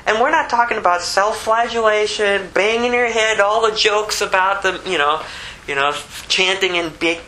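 Preacher from the US, sermon, forceful bright tone, drives points home with rhetorical questions. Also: mid-range voice, slight background noise, low-quality recording. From United States. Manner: emphatic, full of rhetorical questions.

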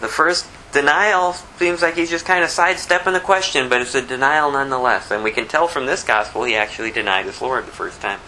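A man's voice: mid-range voice, brisk, few pauses, bright, forceful tone, a little hiss or hum, poor audio. A man giving a conversational, verse-by-verse Bible teaching, reading scripture aloud and explaining it in plain words, with a slight lisp. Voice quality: says he has a lisp. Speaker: pastor.

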